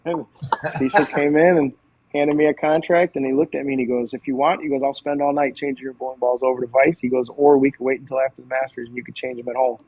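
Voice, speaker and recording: Man telling lively bowling stories. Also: mid-range voice, slightly rough, no echo, narrow, tinny audio. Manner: animated storyteller, quotes others, frequent fillers and restarts. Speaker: podcast guest. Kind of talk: casual storytelling.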